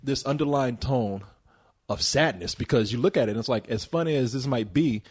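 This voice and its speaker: Husky guy, movie review podcast host, joking plot recap, laughs a lot. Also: medium pitch, fairly quick. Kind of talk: casual movie review chat.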